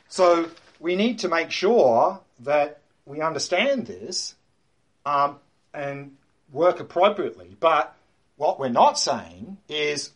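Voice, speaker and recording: A meditation teacher gives a talk to a class. He speaks in a slightly husky voice that sits a bit high for a man. He is emphatic, repeats his key words and points to a diagram as he explains. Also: animated, measured pace.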